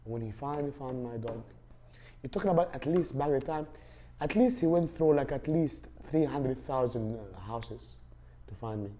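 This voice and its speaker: A man's voice: mid-range voice, expressive, normal speed, dark tone. Rambling man. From Saudi Arabia. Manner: rambling, with many fillers and restarts. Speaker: podcast host. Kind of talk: casual storytelling.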